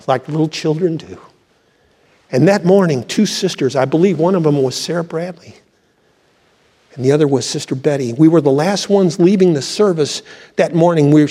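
An older male pastor preaches with fervor, breaking into cries of praise between stories. His voice sits a little high for a man. It rings out with a long reverb tail through the church. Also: dark tone. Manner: fervent preaching with exclamations of praise. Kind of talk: sermon.

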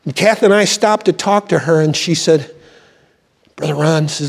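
An older male pastor preaches with fervor, breaking into cries of praise between stories. His voice sits a little high for a man. It rings out with a long reverb tail through the church. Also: normal speed, creaky, slightly rough. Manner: fervent preaching with exclamations of praise. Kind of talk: sermon.

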